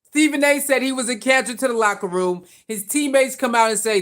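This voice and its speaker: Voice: mid-range voice, fairly quick, fairly bright tone. A sports commentary vlogger giving casual, opinionated takes, firing off rhetorical questions and repeating points in slangy speech.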